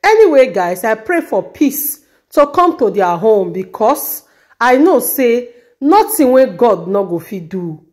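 A woman's voice: a little high, sing-song, measured pace, darkish tone. A woman host with a Nigerian Pidgin accent talks to her viewers in a chatty, preachy way. Her voice swings up and down a lot as she comments and prays aloud. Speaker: channel host. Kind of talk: casual commentary.

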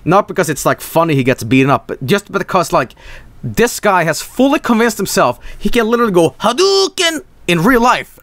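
A young adult man streaming, reacting with excitable, profane, animated storytelling. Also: high voice, fairly quick, dry recording. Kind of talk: live stream reaction commentary.

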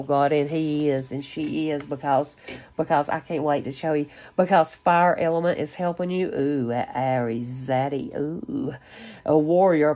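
A woman giving an excitable, rambling channeled spiritual reading, full of gasps, exclamations and casual swearing. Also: deep voice. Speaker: spiritual card reader. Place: her home, lives in West Virginia.

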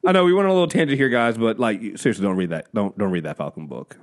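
A man's voice: lowish voice, very fast. A man hosting a podcast in casual chat, rambling, swearing freely and laughing often. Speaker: podcast host.

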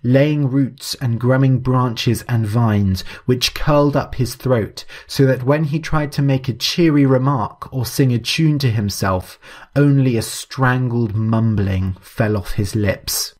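A man reads a spooky story aloud in a measured, even style. His voice sits at a medium pitch and his pacing stays steady throughout. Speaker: narrator. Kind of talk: scripted story narration.

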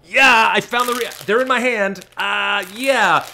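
A man's voice: unhurried, creaky, pushed and bright, slight background noise, exaggerated voice. A man voicing a flustered, guilty kid caught hiding something, stammering and playing innocent. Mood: sheepish. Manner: high, stammering, fake-innocent.

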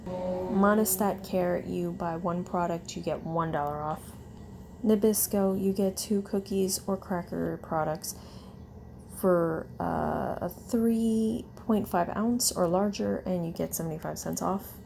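A woman reads off a long coupon list at a dragging, weary pace, with many fillers and self-corrections. Her voice is low-ish and mellow. Faint ambient noise sits behind her. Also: gravelly. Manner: slow, tired reading with fillers and self-corrections. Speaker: vlogger. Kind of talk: casual chat reading a coupon list.

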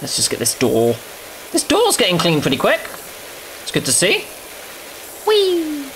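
Goofy gamer with a lively, swooping voice. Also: medium pitch, normal speed, slight background noise. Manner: goofy, talks to self, hums silly tunes. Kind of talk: playful let's-play commentary.

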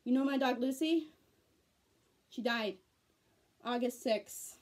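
Speaking slowly in a voice on the high side, a teen vlogger chats from home, sounding tearful and nearly in tears. She rambles and goes over the same points again in an earnest, casual way.

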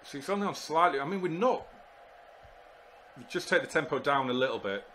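A man commentating live on his football management game, exasperated and muttering to himself, with sudden shouts when goals go in. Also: a little high, animated, fairly quick, slight background noise. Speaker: gaming YouTuber.

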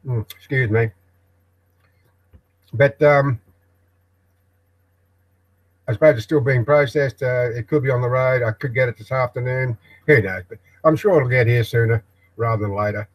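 An older Australian man hosting a live broadcast from his shed office, rambling in a halting way with many ums and restarts. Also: medium pitch, steady tone, low-quality recording. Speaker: live stream host.

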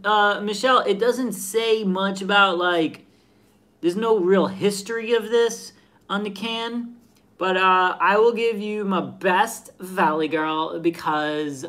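A man's voice: high voice, pushed and bright. A man hosting a casual live stream, who stammers and repeats his words as he chats.

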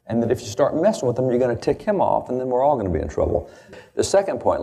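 A man's voice: medium pitch, warm tone. A man from the United States giving a lecture-style talk on the founders, emphatic and quoting old documents with stress on key words. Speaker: speaker on founding history.

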